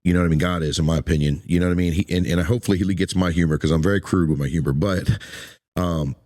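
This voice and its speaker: Deep-voiced man, emotional and halting. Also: fairly even intonation, darkish tone. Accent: Eastern Shore American. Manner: emotional, halting, repeats words, tearful at times. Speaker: podcast host. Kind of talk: emotional conversational interview.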